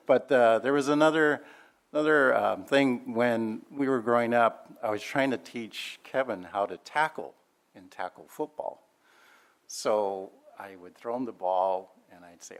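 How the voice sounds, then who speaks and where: An older man reminisces about a family member, telling anecdotes in a chatty way, laughing as he goes and using many fillers. His voice is medium in pitch and his pace is measured.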